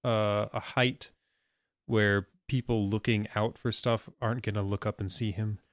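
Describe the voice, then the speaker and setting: A man playing a tabletop game, calmly describing his character's actions. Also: lowish voice, a little slow, no room sound, clean studio sound. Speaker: player.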